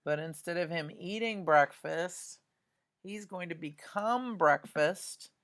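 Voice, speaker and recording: A woman's voice: lowish voice, slow pace, fairly bright tone. A woman art teacher talks students through a drawing demonstration, chatty and often checking in with "right?".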